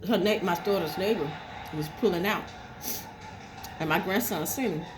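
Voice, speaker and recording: A woman's voice: lowish voice, moderate pace. Middle-aged woman fussing through a storytime while she eats, noisy room with a show on. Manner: animated, indignant, talks while eating. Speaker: vlogger. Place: at home.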